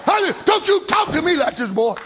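A preacher voicing an angry, shouting God. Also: male voice, very high voice, animated, brisk, creaky, a faint crowd, exaggerated voice. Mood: rebuking. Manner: shouted rebuke. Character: stern angry male God rebuking.

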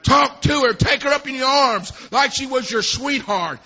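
A man preaching a sermon, dropping "amen" between phrases and swinging from quiet talk to shouting. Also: very high voice, normal speed, lo-fi sound.

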